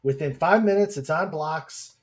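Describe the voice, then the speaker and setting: A podcast host with a fairly high-pitched voice runs a casual stream at a moderate pace, chatting with guests and reading viewer comments aloud. His talk is full of fillers and chuckles.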